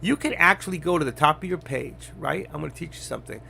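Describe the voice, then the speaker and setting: An older man talking bluntly and rambling on a trading live stream, getting louder as he teaches. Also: a little high, fast, vocal fry, slight background noise. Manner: blunt, rambling, gets loud when teaching. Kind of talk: casual live-stream talk.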